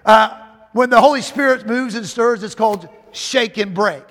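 A man's voice: sits high, normal speed, a bit bright. A man preaching a sermon in a fervent, emphatic way, repeating phrases as he builds. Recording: long hall reverb.

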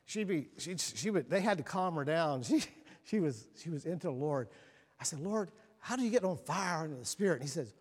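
A man preaching a sermon, moving from quiet and solemn to animated storytelling. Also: a little fast, husky. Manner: animated storytelling, rising to excited, laughing highs. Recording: long reverb of a large hall.

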